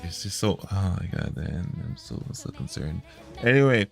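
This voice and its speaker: A man's voice: low voice, sing-song, moderate pace, creaky, soft background music. A man streaming a reaction video, talking in a heated, profane, repetitive way.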